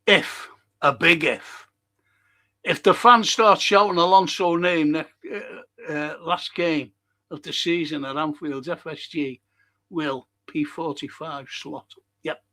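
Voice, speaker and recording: A man's voice: on the high side, fairly even intonation, slow pace, sharp tone. An older man hosting a live podcast, reading viewer comments and talking in a rambling, passionate way, swearing freely. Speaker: podcast host.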